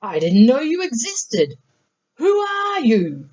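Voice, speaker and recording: A woman voicing a loud, mocking male bear in a storybook reading, roaring his lines. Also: high-pitched, huge pitch swings, slow pace, dull audio, pitched above the performer's own voice, full character voice.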